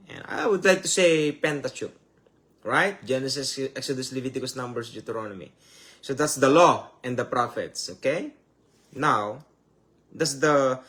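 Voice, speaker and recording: With a mid-range, slightly bright voice, this preacher from the Philippines delivers a live-streamed Bible teaching in English. English isn't his first language; he's a native Tagalog speaker with a Filipino accent, and his style is casual and conversational, full of restarted phrases, repeated rhetorical questions and frequent calls of "my dears."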